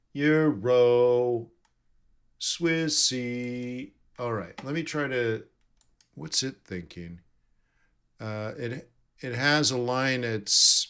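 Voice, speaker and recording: A man streaming live trading commentary, his voice sitting low and his pace unhurried. He thinks aloud, reads figures off the screen and corrects himself often. Keyboard clicks and typing run behind him. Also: bright, forceful tone. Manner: thinking aloud, self-correcting, reading numbers off charts.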